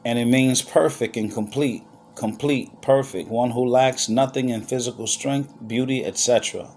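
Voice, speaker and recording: A man giving a scripture lesson as teacher, unhurried with pauses, checking in often with "all right?" and "okay?". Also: mid-range voice, steady tone, a little mellow, a little hiss or hum. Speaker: Bible teacher.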